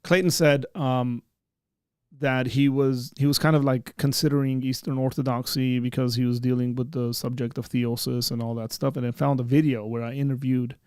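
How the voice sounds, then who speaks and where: A man's voice: medium pitch, darkish tone, smooth, dry recording, clean studio sound. A man hosting a casual livestream chat, rambling with many fillers and restarts. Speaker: host.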